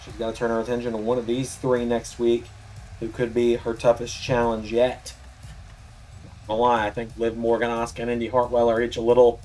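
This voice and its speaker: A man with a sore throat calls the matches in an announcer style. His voice sits in a middle pitch, and he keeps up steady play-by-play hype. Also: slight background noise. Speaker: commentator, channel host. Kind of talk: play-by-play video game wrestling commentary.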